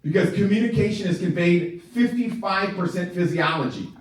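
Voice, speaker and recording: Man, high voice, sales trainer, animated, laughs a lot, very echoey room, distant mic. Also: moderate pace. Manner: animated, keeps checking in with the audience; laughs often while talking. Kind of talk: live training talk to a group.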